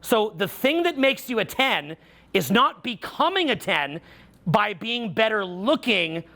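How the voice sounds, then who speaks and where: A man's voice: high-pitched, big pitch swings, measured pace, pushed and bright. A man coaching a live seminar audience, playful and teasing as he banters with volunteers on stage. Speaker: social skills coach.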